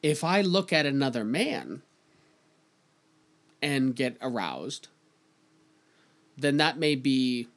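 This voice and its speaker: This Canadian co-host has a medium-pitched, somewhat bright voice and an animated delivery, speaking slowly with long pauses. On the casual podcast he reads news aloud, jokes about it, and laughs frequently.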